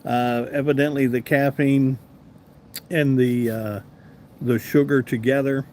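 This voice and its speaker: A Southern man hosts a casual live stream, reading comments and answering viewers by name in an easy way. His mid-range voice is a little mellow, with a bit of hiss or hum in the background.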